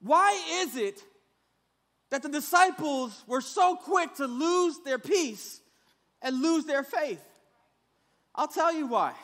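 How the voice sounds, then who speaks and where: High-voiced preacher in an echoing hall. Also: male voice, takes it slowly, long pauses. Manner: animated, humorous, acts out scenes. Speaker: pastor. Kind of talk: sermon.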